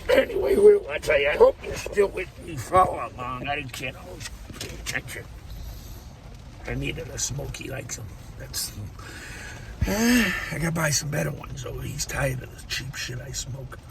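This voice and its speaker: A man's voice: fairly high pitch, animated, normal speed, vocal fry, crowd noise. An older man rambling and swearing in a casual monologue, laughing to himself as he talks in his car. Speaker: vlogger.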